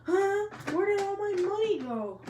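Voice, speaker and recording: A woman voicing a brash, loud boy ninja in a fan-made anime parody. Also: sing-song, measured pace, exaggerated voice. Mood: surprised. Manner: shouty, cocky, high-pitched. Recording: echoey room, faint noise.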